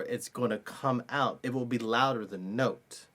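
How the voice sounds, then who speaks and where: A man's voice: mid-range voice, measured pace, few pauses, over music. A man teaching an online cello lesson, explaining step by step and now and then singing note rhythms aloud.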